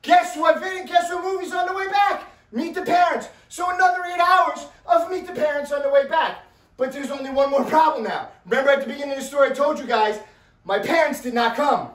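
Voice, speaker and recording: A man telling a story in a casual, animated way, with loud bursts and a habit of asking "right?". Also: extremely high pitch, brisk. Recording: roomy, mic at a distance.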